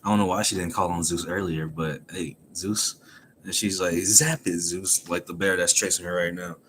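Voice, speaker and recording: A man's voice: low voice, a little fast, a little hiss or hum. Laughing man recapping a comic chapter. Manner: animated, laughs often while retelling. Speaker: manga chapter reviewer. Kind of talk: casual recap.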